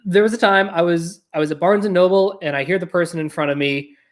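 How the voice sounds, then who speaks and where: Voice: medium pitch, fast talker. A podcast host talking casually in a loose, filler-heavy way, telling stories and dropping the odd swear word. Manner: chatty, filler-heavy, animated storytelling with frequent "like"; blunt, occasionally swears.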